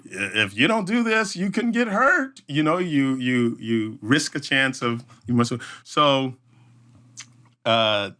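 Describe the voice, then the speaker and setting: A man who works as an event emcee, guesting on a podcast and telling an animated story with frequent restarts and hummed sound effects. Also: mid-range voice, slow.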